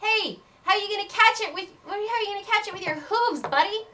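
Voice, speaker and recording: A brash young seeker in a bright, high, sharp voice, mocking a rival at full volume, as a woman puts him on. The taunt comes quick and loud, pitched well above a normal speaking voice. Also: far from the mic. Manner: mocking, teasing. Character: cocky young male Quidditch seeker taunting.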